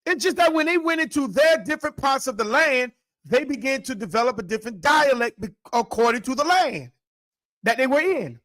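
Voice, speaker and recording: A man's voice: extremely high pitch, animated, a little fast, a bit bright, no echo, studio quality. A man co-hosting a discussion, emphatic and teacherly, pressing his points and urging the listeners on. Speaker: co-host. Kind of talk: preaching-style discussion.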